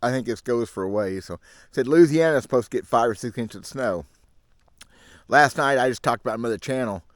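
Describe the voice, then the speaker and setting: A man's voice: mid-range voice, fairly quick, dry recording, studio quality. A middle-aged man, rambling frankly and grumbling to camera outdoors in the woods. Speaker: fishing channel host. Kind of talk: casual rambling monologue to camera. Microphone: camera mic.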